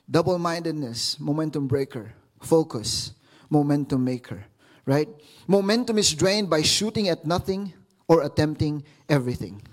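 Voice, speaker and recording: A man pastor preaching a sermon, often stopping to repeat words as he searches for the next thought. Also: a little high.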